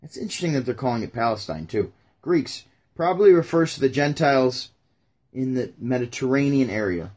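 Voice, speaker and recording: Husky man riffing casually to viewers. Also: medium pitch, lively intonation, a little fast, darkish tone. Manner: rambling, joking, talks to viewers directly. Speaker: YouTuber and podcaster. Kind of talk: casual Bible reading and commentary.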